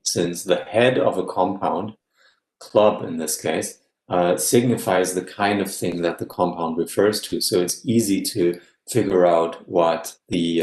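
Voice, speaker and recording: Man, low voice, academic lecture, explanatory, frequent check-ins, roomy echo. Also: a little mellow. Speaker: guest lecturer.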